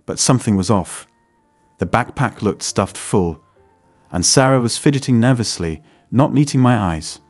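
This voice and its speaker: Low-voiced male story narrator. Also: expressive, normal speed, darkish tone, no room sound, soft background music. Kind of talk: scripted first-person story narration.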